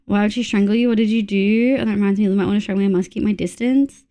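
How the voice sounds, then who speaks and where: A woman's voice: mid-range voice, steady tone, very fast, warm tone. An Australian woman chatting on a live stream, giggly and talkative as she reads her chat aloud.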